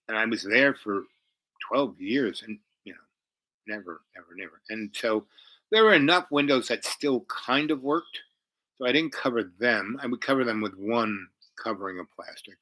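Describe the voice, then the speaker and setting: A man's voice: fairly low pitch, moderate pace, no room sound, poor audio. A man telling a long personal story in a rambling, casual way, full of fillers and asides. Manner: rambling, heavy on fillers, animated.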